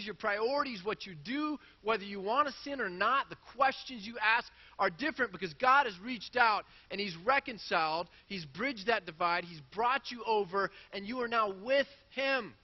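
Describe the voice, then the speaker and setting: A man's voice: high voice, normal speed, few pauses, in a large hall, lo-fi sound. A man preaching a sermon in a church, earnest and self-deprecating as he works through quoted scripture. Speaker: pastor.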